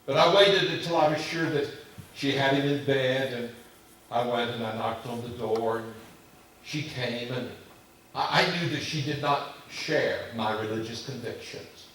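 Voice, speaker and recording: A man preaching a sermon, moving between loud, emphatic declarations and quiet, hushed storytelling as he addresses the congregation. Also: medium pitch, steady tone, measured pace. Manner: impassioned, swinging from loud emphasis to hushed telling. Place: church sanctuary. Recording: very echoey church hall from far off, faint hiss.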